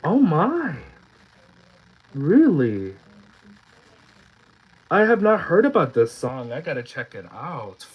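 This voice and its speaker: A man's voice: medium pitch, sing-song, normal speed, few pauses, husky, rough recording. A young man streaming live and chatting casually, reading comments from his viewers aloud and rambling with many restarts.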